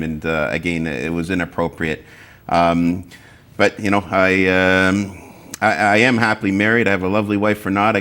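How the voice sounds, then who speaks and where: A man hosting a political talk show, speaking haltingly with many fillers and restarts. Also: sits low, a bit bright. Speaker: show host.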